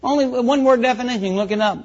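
A high-pitched, husky-voiced man preaches in a folksy, conversational way, turning to his congregation with questions. The recording is dull and lo-fi. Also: rapid-fire. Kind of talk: sermon.

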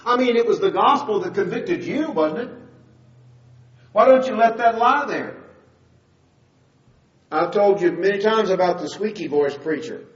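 A man's voice: sits high, lively intonation, a little slow, pauses often. An older man preaching a sermon, telling his testimony in a conversational storytelling way that rises to emphatic moments. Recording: distant, roomy, dull-sounding recording.

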